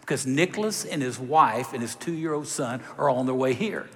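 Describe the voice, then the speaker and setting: Preacher in a reverberant hall. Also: male voice, medium pitch, normal speed. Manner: animated storytelling, direct appeals to the congregation. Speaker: pastor. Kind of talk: sermon.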